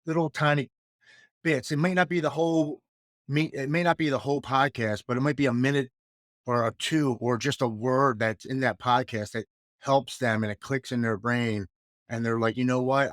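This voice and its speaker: A man's voice: mid-range voice, no room sound. Earnest man in his forties, dry sound. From United States. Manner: earnest, heartfelt, reflective storytelling. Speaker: podcast guest. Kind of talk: candid interview conversation.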